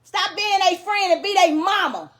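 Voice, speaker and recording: A middle-aged mother from Louisiana, grieving and angry, speaks at normal speed in a strikingly high, sharply bright voice. In an impassioned public plea, she pleads and scolds in emphatic, repetitive bursts, raw with anger and grief.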